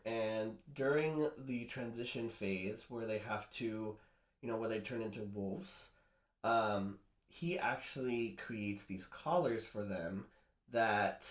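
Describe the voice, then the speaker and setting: A man nervously recapping a horror novel in a casual chatty way, rambling with lots of fillers and restarts. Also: on the low side. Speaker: book reviewer doing makeup. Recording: roomy echo.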